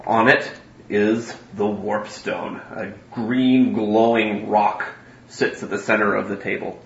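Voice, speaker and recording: Bright-voiced man running a tabletop game. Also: on the low side, steady tone, gravelly, reverberant, lo-fi sound, slight background noise. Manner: halting, full of ums and restarts. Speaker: game master.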